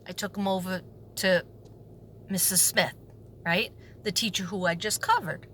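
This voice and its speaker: A woman with a New York accent, a substitute teacher telling a story in a sarcastic, animated way and acting out the people in it. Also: medium pitch, measured pace, a little hiss or hum. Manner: animated, sarcastic, acts out quoted voices. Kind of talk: storytelling vlog.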